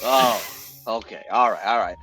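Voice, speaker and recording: A man's voice: fairly low pitch, normal speed, sharp tone, faint music behind, rough recording. A man playing a tabletop game in character, pushy and sleazy, stumbling over restarts. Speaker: player. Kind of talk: in-character tabletop role-play.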